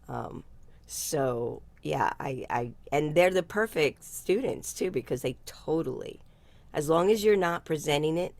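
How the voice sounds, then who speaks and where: Blunt older woman, low gravelly voice. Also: darkish tone. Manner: blunt, salty, laughs often. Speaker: guest speaker. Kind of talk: casual video-call chat.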